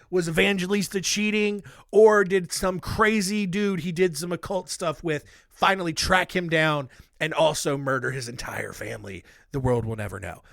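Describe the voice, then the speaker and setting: A male podcast host with a high, animated voice that swings freely up and down. He talks bluntly and irreverently, with jokey asides, recorded dry and close to the mic. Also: creaky, no room sound. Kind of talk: casual comedic true-crime recap.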